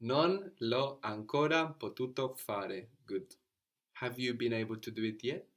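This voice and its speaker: A man's voice: medium pitch, unhurried. Patient male language teacher. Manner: patient, encouraging, explains step by step. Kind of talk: guided language lesson.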